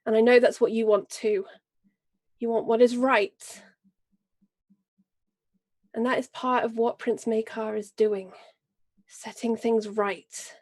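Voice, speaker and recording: A woman voicing a proud, vengeful noble lady and mother, speaking in a grave, measured and forceful way during a tabletop role-play. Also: fairly high pitch, little pitch movement. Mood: fierce, earnest. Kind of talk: in-character role-play speech.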